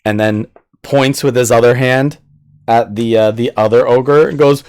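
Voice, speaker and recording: A man's voice: mid-range voice, steady tone, a little mellow, clear, resonant tone. A man narrating a tabletop game as game master, chuckling now and then. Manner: slow, unhurried narration with chuckles.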